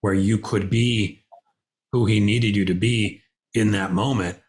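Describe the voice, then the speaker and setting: A man's voice: fairly low pitch, fairly even intonation, measured pace. A man hosting a podcast, interviewing a guest attentively with frequent short affirmations. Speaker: podcast host.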